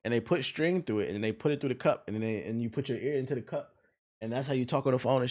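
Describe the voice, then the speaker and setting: A young male streamer giving casual reaction commentary, brash and full of jokes and swearing. He talks at a quick clip. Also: medium pitch, darkish tone. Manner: brash, joking, profane. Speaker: streamer reacting to a game preview.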